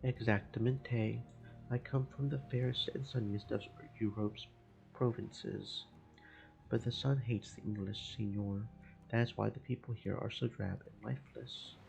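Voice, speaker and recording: A man's voice: fairly low pitch, steady tone, measured pace, gravelly, darkish tone, soft background music, poor audio. A man doing a lovesick Spanish fishmonger. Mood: proud. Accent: put-on Spanish. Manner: theatrical, lovesick. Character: Spanish fishmonger, amorous and proud.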